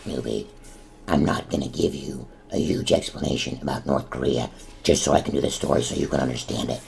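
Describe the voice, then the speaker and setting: A man voicing a hot-tempered, gruff man who grumbles and blusters in comedic gaming banter. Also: steady tone, fairly quick, darkish tone, full character voice. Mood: irritated. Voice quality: very deep, gravelly.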